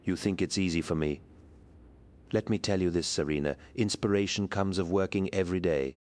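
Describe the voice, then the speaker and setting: A man's voice: a little fast, darkish tone, natural voice. A man voicing a passionate male artist who speaks with urgent, exasperated energy. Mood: indignant. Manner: exasperated, urgent, raised pitch.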